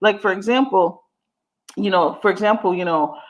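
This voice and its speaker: A woman's voice: medium pitch, normal speed. A woman from Jamaica, hosting a casual livestream, talking frankly and animatedly, often laughing and swearing. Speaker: livestream host.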